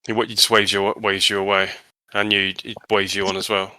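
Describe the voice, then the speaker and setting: A man's voice: on the low side, flat delivery, a little fast, sharp tone, no echo. A man narrating a tabletop horror game as game master, hesitant and full of restarts.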